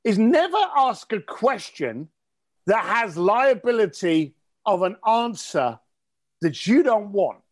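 A man from East tells stories bluntly and cheekily, swearing freely. His voice sits high, and his pitch leaps around with animated energy. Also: takes it slowly. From East London. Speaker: interview guest. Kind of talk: casual storytelling interview.

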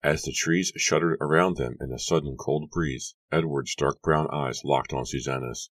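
Man with a very deep narrating voice. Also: fairly even intonation, moderate pace, no room sound. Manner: hushed, suspenseful storytelling. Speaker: audiobook narrator. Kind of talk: dramatic horror audiobook narration.

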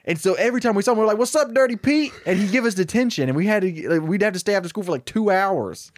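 A young man casually pitching a comedic story, rambling and acting out the characters' lines. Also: animated, rapid-fire, no room sound, studio quality.

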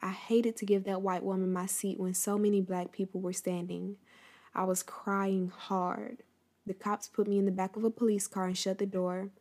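Speaking at a medium pitch with a dark tone, a woman tells her audience a piece of history in a casual, direct manner. She then reads a book passage out loud, acting as the story's host.

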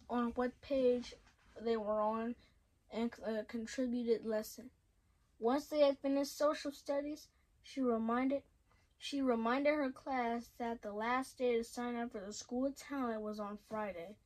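Woman, story reader, slightly high voice, halting reading, frequent restarts. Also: a little mellow, poor audio. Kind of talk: reading a children's story aloud.

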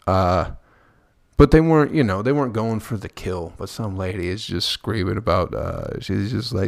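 Man, podcast host, low voice, gravelly fry, profane rambling comedy, dry close recording. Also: moderate pace, no echo. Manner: rambling, profane, laughs at his own jokes. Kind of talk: crude comedic podcast monologue.

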